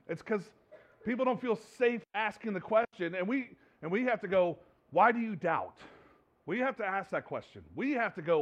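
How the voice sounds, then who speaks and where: A man preaching a sermon to his congregation in a conversational way, often repeating and restarting his words. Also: high-pitched. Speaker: pastor. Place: church sanctuary with congregation.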